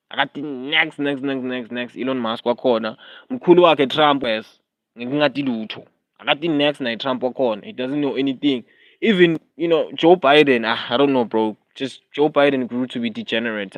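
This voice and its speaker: A man's voice: mid-range voice, no echo. Heated South African man ranting on a livestream. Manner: heated, repetitive, slips into Zulu phrases. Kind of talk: casual live-stream rant.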